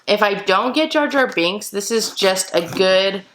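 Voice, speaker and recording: A woman vlogger chatting excitedly to her viewers while opening mystery boxes for an unboxing video. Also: mid-range voice, measured pace, slight background noise, low-quality recording. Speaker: toy collector vlogger. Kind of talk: casual unboxing vlog.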